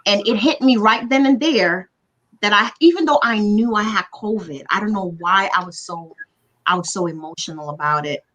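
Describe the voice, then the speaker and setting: A woman's voice: medium pitch, moderate pace, a bit bright, muffled recording. Earnest woman retelling a hard ordeal. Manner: earnest, repeats words for emphasis. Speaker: guest recounting her illness. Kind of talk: emotional personal storytelling. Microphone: video call livestream.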